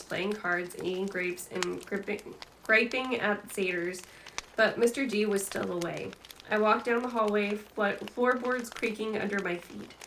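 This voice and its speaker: A woman host gently reading a novel aloud in an ASMR book reading. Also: mid-range voice, a little hiss or hum, rough recording. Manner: soft, gentle narration.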